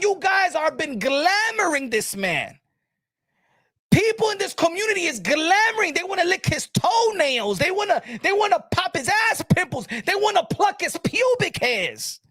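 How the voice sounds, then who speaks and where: A man giving opinionated boxing commentary. He talks in heated, profane bursts, repeats words, and rises to shouting. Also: extremely high pitch, very animated, measured pace, no echo, studio quality.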